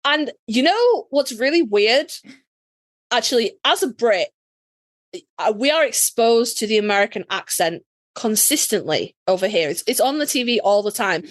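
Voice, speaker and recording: A woman with a Yorkshire accent tells a story on a podcast, swinging her fairly high voice up and down. She swears freely and acts out what people said. The sound is close and dry. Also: very animated, moderate pace, no echo. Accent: Yorkshire English. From Yorkshire, England. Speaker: podcast co-host. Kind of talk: casual storytelling chat.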